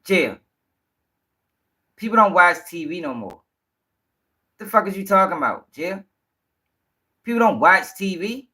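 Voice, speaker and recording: A fairly high-pitched man hosts a livestream commentary, ranting bluntly with plenty of cursing. He talks straight to his viewers and argues back at chat comments. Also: big pitch swings, measured pace, long pauses, sharp tone. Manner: addresses viewers directly. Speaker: commentary show host.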